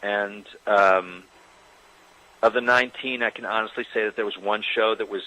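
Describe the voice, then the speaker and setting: Guy with a kinda low but bright voice, rambling self-deprecating story, lots of ums. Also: fairly even intonation, moderate pace, low-quality recording. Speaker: actor recalling a career. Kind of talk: casual interview anecdote.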